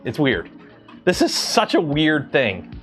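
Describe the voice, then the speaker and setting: Rambling guy chatting on a build stream, thinks out loud, bouncy pitch, music playing softly behind. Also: wildly swooping pitch, takes it slowly. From Canada. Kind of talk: casual live-stream chat.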